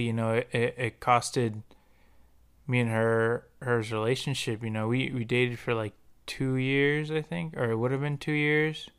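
A man's voice: medium pitch, clean tone. A young American man hosting a podcast, telling a personal story in a candid, profane and slangy way. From United States. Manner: profane, slangy, animated when quoting others. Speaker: podcast host.

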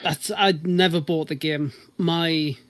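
A man's voice: on the high side, steady tone, slow pace, fairly bright tone, dry recording. A man telling a long story in casual chat, rambling with many restarts and casual swearing.

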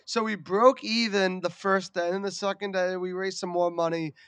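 A man with a strikingly high voice chats on his podcast, spinning a loud, foul-mouthed story with lots of energy. His voice sounds close and dry, with no room around it. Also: normal speed, dry recording. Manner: animated, profane storytelling. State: recovering from a lost voice. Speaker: podcast co-host. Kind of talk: casual chat.

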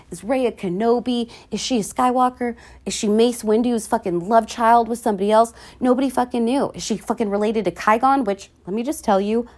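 Woman podcaster, casual rambling chat, low-ish voice, excitable, swears a lot. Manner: rambling, swears often, big swings into excited squeals and whispers. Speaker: podcast host. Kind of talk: casual movie review chat.

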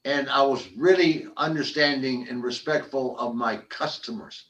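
An older man, a former athlete turned business founder, telling animated stories in an interview with frequent restarts and repeated words. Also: mid-range voice, normal speed, distant mic, poor audio. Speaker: podcast guest, former football player and business founder. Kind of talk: conversational interview storytelling.

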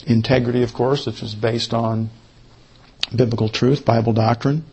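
A man teaching a Bible study lesson, who repeats his key points slowly, as if for note-taking. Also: medium pitch, fairly even intonation, darkish tone, slight background noise.

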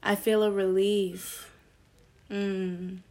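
A woman giving a casual tarot reading to her viewers, chatty and slangy with excited asides. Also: mid-range voice, extremely slow. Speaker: tarot reader.

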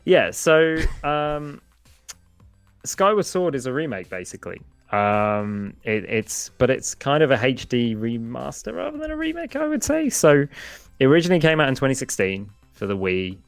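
A man talking casually on a podcast about video games, rambling with many fillers and restarts and breaking into animated impressions. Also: medium pitch, normal speed, vocal fry, smooth, no echo, faint music behind. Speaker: podcast guest, gaming expert.

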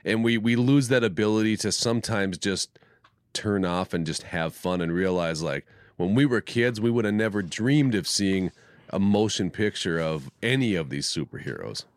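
A man co-hosting a relaxed tech and pop-culture podcast. His voice sits low, and he talks in a lively, joking way. The sound is dry and close. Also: dry recording. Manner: animated, jokey, does quick voice impressions. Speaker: podcast co-host. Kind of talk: casual chat.

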